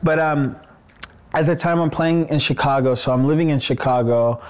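A young man telling a personal story on a podcast in a casual, animated way, dropping "bro" and "like" all through. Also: a little high, normal speed. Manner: animated, says "bro" and "like" often.

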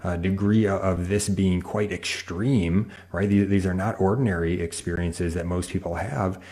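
A man hosting a religious talk show, speaking in a measured, explanatory way with occasional fillers. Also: low voice, fairly even intonation, dark tone. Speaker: host.

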